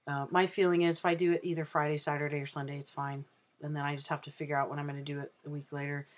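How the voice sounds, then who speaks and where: A trans man talking casually in a personal video diary, rambling and candid with plenty of ums and uhs. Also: on the high side. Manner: rambling and unhurried, with many ums. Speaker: vlogger.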